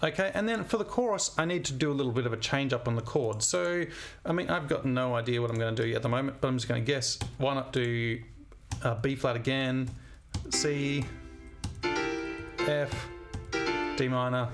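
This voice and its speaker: A man's voice: mid-range voice, normal speed. A man, a music teacher talking through a composition demo while thinking aloud. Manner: thinking aloud, scatting melodies. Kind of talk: screen-recorded composition demo.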